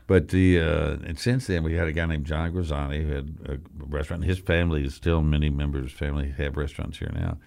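An older man with a very low voice hosts a radio talk show from the studio. He rambles through folksy stories with jokey asides, relaxed and conversational. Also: fast, vocal fry, hardly any pauses. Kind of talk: casual studio chat.

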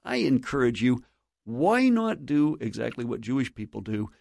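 A man's voice: medium pitch, animated, normal speed, creaky, darkish tone, no room sound, studio quality. A man teaching in an earnest, preacherly way as a guest on a Christian radio talk show, exhorting listeners directly. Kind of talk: sermon-like teaching.

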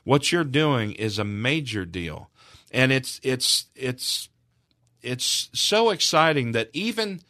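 A man's voice: mid-range voice, expressive, takes it slowly, sharp tone, no echo, clean studio sound. A man speaking as a guest on a charity radio broadcast, telling a heartfelt story in an earnest, emotional way with frequent restarts.

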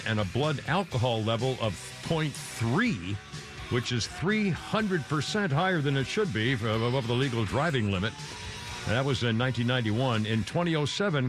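A man hosting a morning radio show, joking and rambling in casual banter. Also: mid-range voice.

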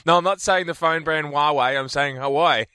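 A man's voice: a little high, normal speed, background noise. A man co-hosting a radio show, joking playfully in casual chat. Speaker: radio co-host.

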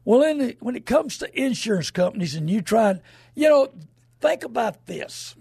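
A man's voice: extremely high pitch, sing-song, moderate pace, vocal fry, darkish tone, slightly rough, no echo, clean studio sound. A man hosting a radio show, talking in a rambling, emphatic folksy way and acting out the people he quotes. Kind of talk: folksy radio talk monologue.

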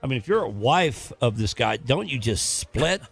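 A man's voice: mid-range voice, sing-song, moderate pace, creaky, fairly bright tone, breathy edge, soft background music. A man co-hosting a talk show, bantering casually with a wry, joking manner.

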